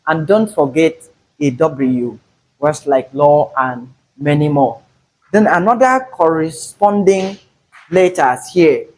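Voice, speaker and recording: Man, pronunciation teacher, unhurried, slightly husky, stresses each example word. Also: a little high, a little mellow, low-quality recording. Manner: slow, deliberate, repeats example words with stress. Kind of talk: phonetics lesson.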